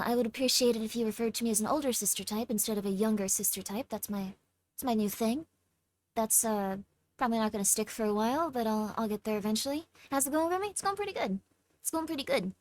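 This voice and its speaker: Tired young woman streamer, slightly high voice, chatty and halting, dry close mic. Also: no echo. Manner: chatty, reads chat aloud, stumbles over words. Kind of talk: casual livestream chat.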